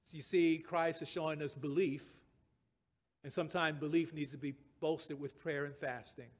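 A man's voice: on the high side, steady tone, moderate pace. A man preaching a sermon, reading scripture aloud and repeating key phrases and verse references, swelling to emphatic peaks.

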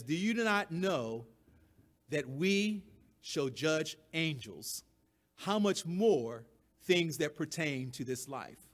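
A man preaching a sermon, emphatic and given to repeating his key phrases, with the odd chuckle at his own points. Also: a little high.

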